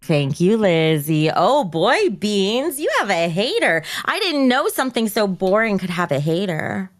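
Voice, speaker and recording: A woman's voice: mid-range voice, sing-song, unhurried, no echo. A woman co-hosting a live stream, teasing and insulting her co-host with sarcasm. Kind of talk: mock-feud banter on a live stream.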